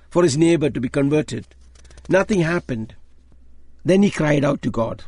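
A man's voice: fairly high pitch, no echo, studio quality. An older man from India with an Indian accent, preaching a testimony sermon and telling stories that act out conversations. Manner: animated storyteller who acts out dialogue. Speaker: lay preacher.

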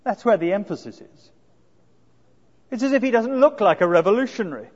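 A man with a notably high voice delivers an earnest expository sermon, leaning on rhetorical tag questions. The sound is dull and lo-fi. A long hall reverb trails after his words. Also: animated, a little fast. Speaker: preacher.

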